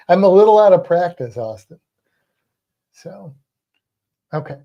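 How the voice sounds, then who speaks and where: A man's voice: high voice, animated, takes it slowly, dull audio. A man co-hosting a livestream in casual chat. He rambles, hesitates often and laughs a lot. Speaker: livestream co-host.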